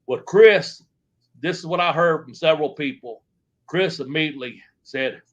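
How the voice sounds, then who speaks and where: A man's voice: on the high side, moderate pace, a bit bright, lo-fi sound. A man, a former wrestler telling stories in a long interview, rambling and swearing as he goes. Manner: rambling, profane, trailing off into restarts. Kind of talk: shoot interview storytelling.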